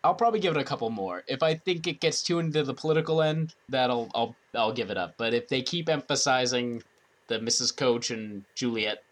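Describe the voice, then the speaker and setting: A man's voice: mid-range voice, expressive, brisk. A man co-hosting a loose conversational show. He trips over his words and restarts sentences often. He laughs readily at the others. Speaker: podcast co-host. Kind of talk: casual chat.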